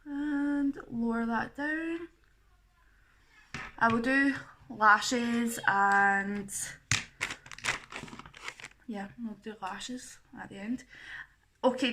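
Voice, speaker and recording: A woman's voice: on the high side, sharp tone. A young woman talking through a makeup tutorial in a chatty, self-deprecating way. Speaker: makeup artist.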